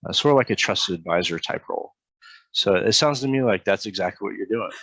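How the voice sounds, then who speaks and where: A man's voice: fairly low pitch, animated, a little fast, a bit bright, dry recording. A man hosting a podcast, talking casually and earnestly, often repeating words as he starts a sentence. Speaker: podcast host. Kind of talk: casual interview chat.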